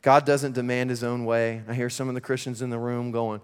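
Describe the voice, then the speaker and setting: A man preaching a sermon in church, conversational and energetic with laughing asides. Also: medium pitch, a little fast, clear, resonant tone. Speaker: pastor. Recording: long reverb of a large hall.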